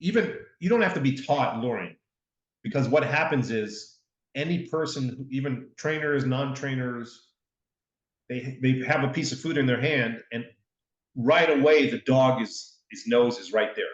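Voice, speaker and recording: A man's voice: mid-range voice, a little slow. Easygoing man in a dull, roomy recording. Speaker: podcast co-host. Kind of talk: casual podcast chat.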